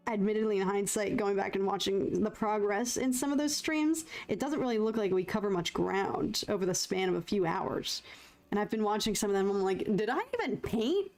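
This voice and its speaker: A woman's voice: mid-range voice, steady tone, a little fast, creaky, a little mellow. A woman chatting casually to her viewers while painting on a live stream, rambling and self-conscious, with lots of fillers.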